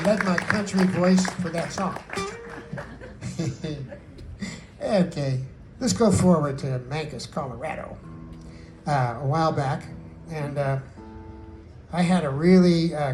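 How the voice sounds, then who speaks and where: A man's voice: on the high side, a little slow, pauses often, a crowd in the background, rough recording. Man singing country songs to guitar. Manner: chatty, laughing storyteller with fillers. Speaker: singer-songwriter telling song stories. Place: book release party at a garden venue.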